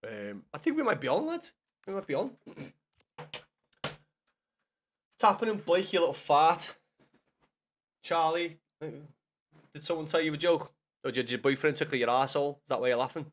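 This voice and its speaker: A young man with a slightly raised voice, talking with viewers on his live game stream. He swears freely and teases his chat with loud, joking banter, and his voice sits a little higher than most men's. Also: lively intonation, normal speed, pauses often.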